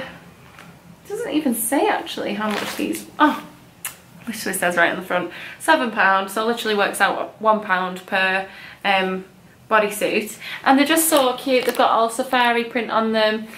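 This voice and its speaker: A woman's voice: on the high side, fairly bright tone, reverberant. A young woman, chatting casually and gushingly as a vlogger about baby clothes she bought. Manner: chatty, gushing, many likes and ums. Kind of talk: casual haul chat.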